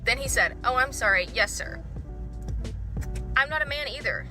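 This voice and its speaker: A woman's voice: high voice, lively intonation, normal speed. A woman telling a grievance story to camera in a casual, complaining monologue. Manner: complaining, explanatory. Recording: music under the voice.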